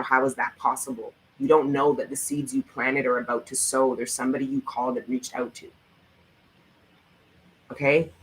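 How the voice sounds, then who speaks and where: A man's voice: medium pitch, a bit bright, low-quality recording. A man giving a tarot reading in a vlog, speaking in an emphatic, profane, motivational way and repeating his encouragement with fervour. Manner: repetitive, fervent encouragement. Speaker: tarot reader.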